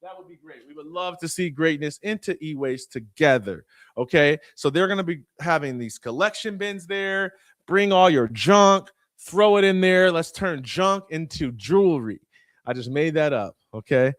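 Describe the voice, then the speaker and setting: A man in his thirties hosting a live online community call, shouting out names with slangy, excitable energy and talking casually while sharing his screen. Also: fairly high pitch, normal speed, no echo, clean studio sound. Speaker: host. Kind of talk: hype-filled live community broadcast.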